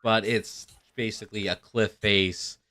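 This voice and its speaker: A man's voice: on the low side, fairly even intonation, measured pace, pushed and bright, no room sound. A man running a tabletop game as game master, laughing often and hesitating with fillers. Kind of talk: narrating a tabletop game over a call.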